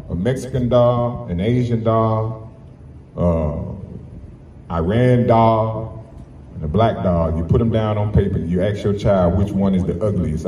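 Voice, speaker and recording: A man's voice: lowish voice, mellow. A man giving an impassioned rally speech, emphatic and repeating his points, recorded from a distance with echo and background noise. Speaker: rally speaker. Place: public rally. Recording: echoey, distant, noisy outdoor rally recording.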